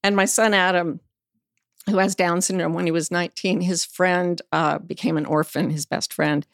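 A woman's voice: lowish voice, steady tone, moderate pace, no room sound, studio quality. A middle-aged woman, a podcast guest, telling vivid personal stories in a frank, blunt way. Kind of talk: storytelling in casual conversation.

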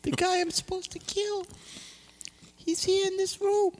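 A man voicing a strange, naive kid who was hired as a killer and calls everyone "Mister" in halting, rambling talk, in an improvised podcast comedy bit. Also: very high voice, little pitch movement. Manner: halting, childlike, says "Mister" before every name.

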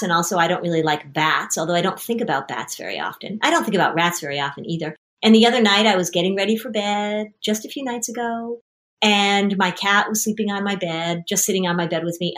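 A woman hosting as a parenting coach, guiding a mother and child with animated stories and acted-out quotes. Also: mid-range voice. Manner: animated storytelling, acting out quoted voices. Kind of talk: coaching conversation.

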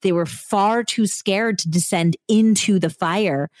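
A woman's voice: mid-range voice, unhurried, no echo, studio quality. A woman hosting a podcast, recounting a true crime story in a casual, chatty way full of "like" and "you know". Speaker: podcast host.

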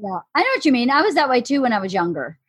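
A woman's voice: on the high side, sing-song, rapid-fire, husky. A woman with a Southern accent, chatting and laughing as a podcast guest, self-mocking and chatty. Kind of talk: casual chat.

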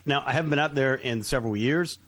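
A man's voice: mid-range voice, fast, fairly bright tone. A man co-hosting a podcast in casual chat, easygoing and chuckling. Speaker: co-host.

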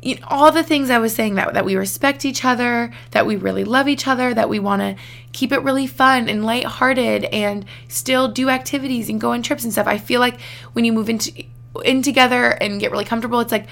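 A young woman talks straight to her viewers about her relationship. Her slightly high voice has a gravelly fry at the ends of phrases. She sounds moved and close to tears, and she peppers her speech with "like.". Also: fast, a bit bright. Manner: emotional, on the verge of tears, frequent "like" fillers. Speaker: vlogger. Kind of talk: personal vlog talk.

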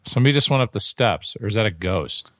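A man's voice: on the low side, lively intonation, fast talker, fairly bright tone, no room sound, studio quality. A man who works in sports broadcasting, talking on a podcast in casual chat, rambling and repeating words as he goes.

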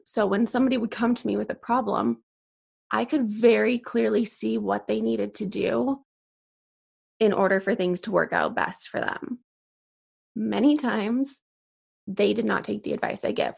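A woman's voice: medium pitch, creaky. A young woman hosting a solo podcast, chatty with many fillers and sighs, a bit out of breath. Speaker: podcast host.

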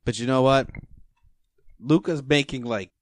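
A man's voice: medium pitch, a little slow, dry recording, studio quality. A man from the South Shore, co-hosting a sports podcast with joking, profane banter. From South Shore of Massachusetts. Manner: swearing, joking, lively banter. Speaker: podcast co-host. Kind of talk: casual sports chat.

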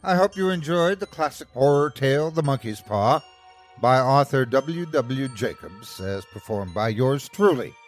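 A man hosting a horror podcast, narrating a classic ghost story in a measured, suspenseful way. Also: medium pitch, animated, faint music behind.

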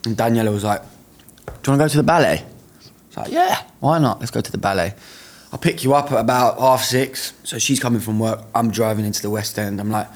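A man's voice: mid-range voice, brisk. A young man from England, a guest singer, telling a casual story with laughter and acted-out quotes.

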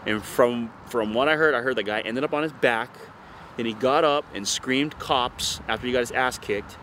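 At normal speed and in a mid-range voice, a man from the North Shore of Oahu, Hawaii, gives a casual interview about surfing. His story is animated, rambling and heavy on swearing, set against slight background noise.

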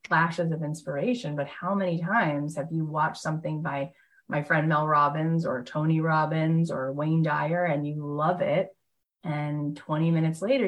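A woman hosting a live motivational workshop, telling stories in a gushing, enthusiastic way with lots of casual fillers. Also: deep voice. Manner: chatty, heavy use of fillers like "like". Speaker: motivational host and coach.

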